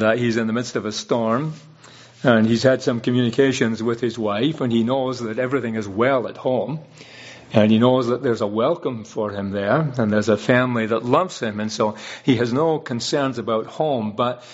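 Husky male preacher, dull lo-fi sound. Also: medium pitch. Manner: earnest, illustrative, with frequent restarts. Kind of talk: sermon.

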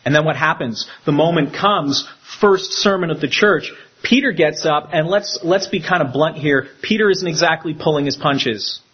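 Husky-voiced man preaching a sermon. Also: normal speed, few pauses, muffled recording. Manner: animated, acting out quotes with rising pitch. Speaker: pastor.

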